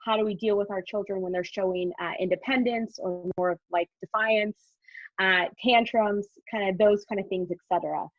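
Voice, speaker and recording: A woman's voice: medium pitch, fairly even intonation, normal speed, no room sound. A woman moderating an online talk, speaking hesitantly with many fillers and restarts. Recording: dull, dry sound.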